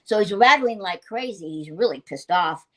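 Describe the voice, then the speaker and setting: An older woman, a guest actress, telling animated anecdotes in a casual interview and laughing often. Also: mid-range voice, moderate pace.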